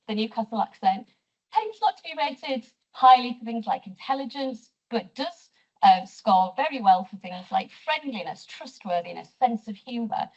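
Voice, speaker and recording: A middle-aged woman with a Teesside accent, giving a measured, explanatory university lecture as a sociolinguistics professor. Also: mid-range voice. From North East England. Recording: distant mic, dull lo-fi sound.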